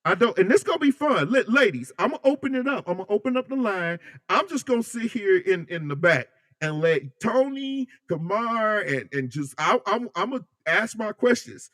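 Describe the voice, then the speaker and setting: A man hosting a casual live chat, animated and joking as he reads comments and talks with his viewers. His voice sits a bit high for a man, and his delivery swings between loud bursts and quiet asides. The sound is close and dry. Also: moderate pace, hardly any pauses, no echo. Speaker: livestream host.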